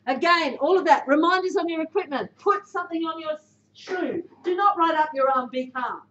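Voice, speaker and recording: High, direct Australian woman. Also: brisk, fairly bright tone. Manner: direct, emphatic, quizzes the audience. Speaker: guest speaker. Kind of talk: motivational talk. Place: club room before a team. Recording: echoey room, dull sound.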